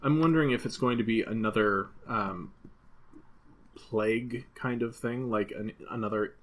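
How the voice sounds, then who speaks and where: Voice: mid-range voice, normal speed. A podcast co-host in casual chat who thinks aloud, with frequent fillers and restarts. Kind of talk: casual podcast chat about a card game.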